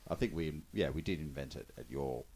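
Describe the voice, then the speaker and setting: Deep-voiced man hosting a podcast. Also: brisk, creaky, breathy edge. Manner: relaxed, rambling with fillers and restarts. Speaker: podcast host. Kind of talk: casual chat.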